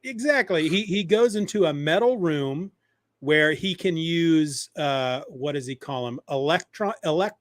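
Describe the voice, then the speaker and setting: A man's voice: on the high side, measured pace, no room sound. Chatty podcast host man, dry close mic. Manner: animated retelling, acting out quoted lines. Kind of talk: casual chat about comics.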